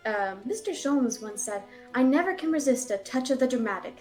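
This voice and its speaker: A woman's voice: high-pitched, expressive, a little fast, darkish tone, soft background music. A woman voicing a polite, earnest young woman assistant while playing a video game.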